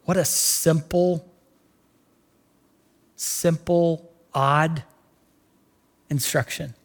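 Guy preaching in a big echoey hall, kinda high voice, acts out the characters. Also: drawn-out words. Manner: animated storytelling, acts out voices. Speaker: pastor. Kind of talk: casual sermon.

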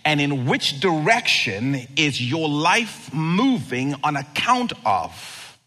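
Pastor guy preaching, bright slightly husky voice, goes up and down a lot, slow deliberate delivery. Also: on the high side. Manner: animated, conversational preaching with rhetorical questions. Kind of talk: sermon.

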